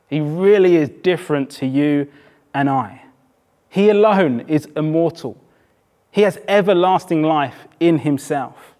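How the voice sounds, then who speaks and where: A man from England preaching a sermon in a church, conversational and emphatic, with pauses for effect. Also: a little high, lively intonation, a little mellow. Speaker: pastor.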